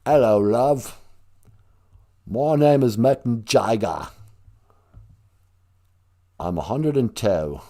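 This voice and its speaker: A man's voice: mid-range voice, lively intonation, very slow, pauses often, warm tone. A man putting on a mocking English accent to play an aging male rock star who croons and counts in a song. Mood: mock posh. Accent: put-on English.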